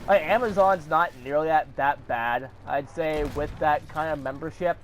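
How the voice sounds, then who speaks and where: A man's voice: on the high side, moderate pace, slight background noise. A man delivering a heated, profane rant to camera, swearing often and throwing in sarcastic asides. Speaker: vlogger.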